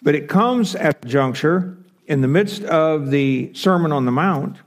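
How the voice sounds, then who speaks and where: A man's voice: fairly high pitch, animated, measured pace. A man teaching a Bible class, explaining step by step with fillers and self-corrections.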